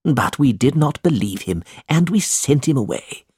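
A man voicing a kind, generous older gentleman who speaks earnestly and gently. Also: medium pitch, animated, moderate pace, breathy edge, dry recording, studio quality, pitched above the performer's own voice.

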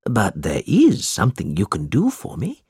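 A gentle, generous old benefactor, as a man voices him in a storybook reading. His lines rise and fall broadly, slightly husky, heard close and dry in the recording. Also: on the low side, huge pitch swings, moderate pace, no room sound, full character voice. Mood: earnest.

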